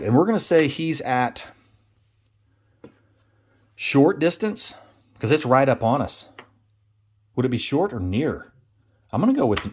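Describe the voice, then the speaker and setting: A man's voice: medium pitch, darkish tone, slightly rough. A man narrating a solo tabletop game, chatting and thinking aloud as he rolls dice and laughs at bad results.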